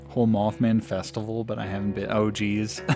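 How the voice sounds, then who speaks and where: A man streaming a video game, giving rambling casual commentary and chuckling often. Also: lowish voice.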